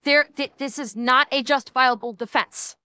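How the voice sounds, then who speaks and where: Woman streamer with a high, bright voice and a dry, close sound; emphatic, ranting, swears freely. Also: steady tone, smooth, no echo. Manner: quick shifts between mocking and serious. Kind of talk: casual reaction stream commentary.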